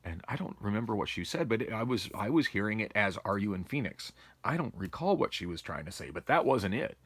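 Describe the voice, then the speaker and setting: A man's voice: on the low side, big pitch swings, fast, a bit bright, slightly rough, dry recording. A man vlogging from home on a phone, rambling and complaining wearily in a casual monologue. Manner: weary, complaining, meandering with restarts. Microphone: phone camera.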